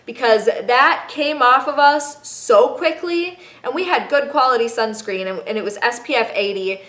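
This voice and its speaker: A woman's voice: a little high, normal speed, a bit bright. Chatty young woman vlogger, roomy echo. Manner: chatty, playful, emphatic asides. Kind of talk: casual travel vlog tips.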